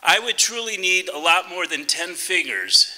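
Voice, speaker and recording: Bright-voiced man presenting an award. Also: sits high, poor audio. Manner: reads a bio, steady with filler pauses. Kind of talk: formal introduction speech.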